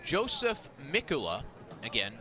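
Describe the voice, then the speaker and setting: A man with a somewhat high voice calls a baseball game live from the booth. His delivery is brisk and tight on the pitches and bursts into shouts on the big hits. Crowd noise from the stands carries clearly behind him. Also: wildly swooping pitch. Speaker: play-by-play announcer. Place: outdoor ballpark broadcast booth. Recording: outdoor ballpark crowd behind. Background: ballpark crowd.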